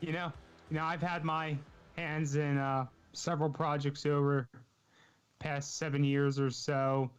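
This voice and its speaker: A man's voice: fairly high pitch, little pitch movement, unhurried, clear, resonant tone, dull audio. A man with a South Jersey and Philadelphia accent, talking earnestly and a bit rambling as a stream co-host. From South Jersey / Philadelphia area. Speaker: podcast co-host. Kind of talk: casual livestream chat.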